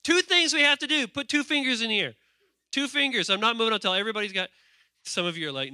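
Bright high-voiced man preaching playfully. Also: lively intonation, quick pace, clear, resonant tone, dry recording, clean studio sound. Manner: playful, calls out to the congregation; reads scripture aloud with asides. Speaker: pastor. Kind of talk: lively sermon.

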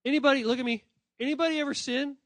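A man with a notably high voice gives an animated sermon to children and students. He is playful, calls out to listeners directly and often corrects himself mid-sentence. The sound is dry and close, with no room echo. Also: very fast. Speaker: pastor speaking to children and students. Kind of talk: lively sermon addressed to kids.

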